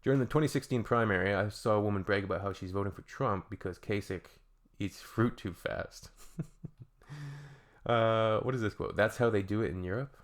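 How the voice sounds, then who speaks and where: A man's voice: on the low side, normal speed. A Canadian man hosting a reaction video, reading comments aloud and adding dry, joking asides in a casual tone.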